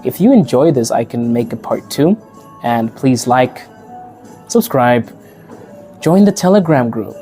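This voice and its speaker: A man's voice: mid-range voice, animated, measured pace, long pauses, dark tone, soft background music. A man from Africa who hosts a podcast, chatting casually to the camera, laughing often and acting out the people he quotes. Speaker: podcast host and teacher.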